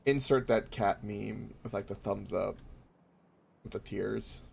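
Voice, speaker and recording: A man hosting a gameplay video, chatting casually with friends, expressive and prone to exasperated, swearing rants. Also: fairly low pitch, slow, vocal fry, a little hiss or hum. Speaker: gaming video host.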